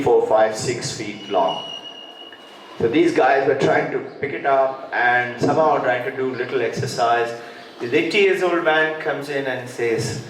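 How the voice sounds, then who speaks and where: A man's voice: mid-range voice, slight background noise. A man, a school president, addresses teachers in an inspirational talk, telling parables and acting out his characters' lines. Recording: very echoey hall, distant mic.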